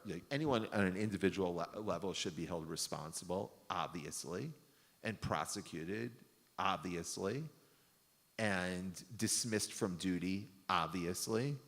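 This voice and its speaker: A low-voiced man talks as a rabbi, telling a story in a loose, rambling way. He uses lots of fillers and corrects himself as he goes. His voice carries the long reverb of a synagogue hall. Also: a bit bright. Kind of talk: casual storytelling talk.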